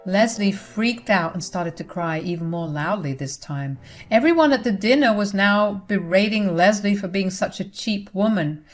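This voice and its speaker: A woman narrates a first-person story in an expressive, chatty way, speaking at a middle pitch. Soft music plays faintly beneath her voice. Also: moderate pace.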